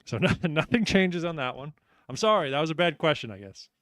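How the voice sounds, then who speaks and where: A man's voice: a little high, expressive, brisk, a bit bright, no echo, studio quality. A man hosting a live trivia night, upbeat and joking, reading out questions and answers and teasing the players. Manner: upbeat, joking, self-deprecating.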